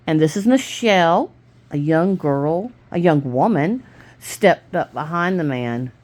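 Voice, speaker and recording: A woman with a very low voice reads a novel aloud in a dark room at home. She stumbles and corrects herself often. She keeps the characters' voices close to her own. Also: lively intonation, a little slow. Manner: unpolished reading with restarts and self-corrections; low-key, mostly plain voice for the characters. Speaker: reader of a novel. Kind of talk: reading a book aloud at home.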